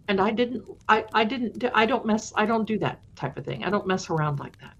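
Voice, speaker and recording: A woman's voice: mid-range voice, expressive, a little fast, few pauses, fairly bright tone, slightly rough. A woman hosting a live stream, chatting affectionately with viewers and telling spooky stories in a casual way. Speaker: live-stream storyteller host. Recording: dull lo-fi stream audio.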